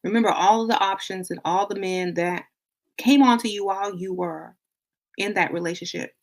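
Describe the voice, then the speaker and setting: A woman's voice: medium pitch, normal speed. Lady giving dating tips, blunt and playful, kinda joking around. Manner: blunt and playful, acting out quotes with laughs. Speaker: TikTok creator giving relationship advice. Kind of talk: casual advice monologue.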